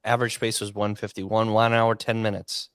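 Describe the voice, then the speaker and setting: A man co-hosts a casual podcast, asking easygoing questions and reacting briefly. His voice sits fairly low and sounds dry and close on the mic. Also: normal speed, clean tone, no room sound. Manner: relaxed, asks questions, short reactions. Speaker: podcast co-host. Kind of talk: casual chat.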